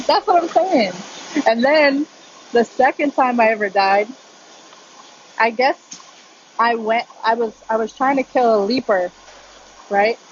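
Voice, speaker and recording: A woman live streaming from a gym on her phone, telling a story in casual chat full of "like" and quick laughs. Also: a little high, lo-fi sound, a little hiss or hum.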